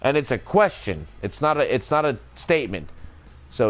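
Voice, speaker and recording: A man's voice: medium pitch, sing-song, normal speed, soft background music. A man in a rambling, joking casual monologue, swearing freely as he goes.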